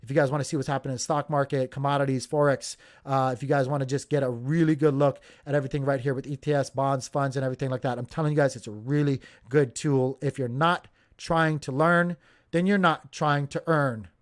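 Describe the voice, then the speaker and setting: A man's voice: mid-range voice, fairly even intonation, quick pace. A man hosting a crypto channel, giving casual market commentary with lots of fillers and talking straight to viewers as you guys.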